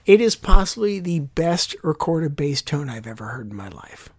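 A man's voice: fairly high pitch, big pitch swings, moderate pace, a little mellow, breathy edge. A man co-hosting a podcast from a room at home, chatting casually and enthusiastically, rambling and correcting himself as he goes. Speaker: podcast co-host. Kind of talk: casual chat. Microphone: headphones with mic at home.

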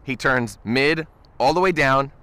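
A man cohosting a podcast, telling a story in an animated, casual way and chuckling often. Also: medium pitch, a little slow, smooth, no room sound. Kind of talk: casual chat.

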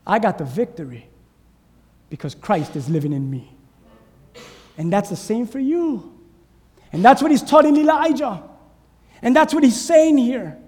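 A man's voice: very high-pitched, very animated, a little slow, long pauses, a little mellow, long reverb tail. A male pastor preaching a sermon, urging his congregation with fervent call-and-response.

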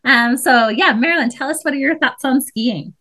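A woman's voice: sits high, moderate pace, pushed and bright. A woman co-hosting a casual podcast, chatty and giggly with lots of fillers. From Utah. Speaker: podcast co-host.

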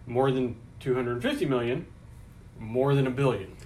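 A man's voice: mid-range voice, normal speed, darkish tone, slight background noise. A man co-hosting a casual podcast, reading out trivia questions and answer options, with frequent restarts and laughter. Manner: hesitant, many restarts, laughs often. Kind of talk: casual chat.

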